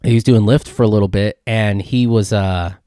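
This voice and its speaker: A young man hosts a casual solo podcast, rambling through an excitable story packed with "dude" and "like." His voice sits on the low side and sounds dry and close, with no room around it. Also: normal speed, clear, resonant tone, no room sound. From California. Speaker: podcast host.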